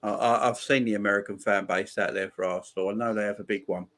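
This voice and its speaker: A man's voice: on the low side, steady tone, quick pace, fairly bright tone. A man in his forties giving chatty live football watchalong commentary and bantering with his chat. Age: 40s. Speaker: streamer.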